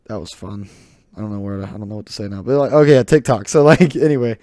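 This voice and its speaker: Southern teen dude rambling on his podcast, warm low-key voice, keeps laughing at himself. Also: fast talker, no echo, clean studio sound. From southern United States. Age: teens. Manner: rambling, self-mocking, laughs often. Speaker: podcast host. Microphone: desk mic, close.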